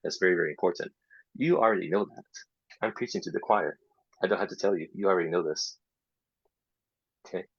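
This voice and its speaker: A man teaching a casual workshop for English teachers, explaining step by step and dropping into soft half-whispered asides. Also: low voice, fairly quick, vocal fry, long pauses, husky, no echo. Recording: dull lo-fi sound.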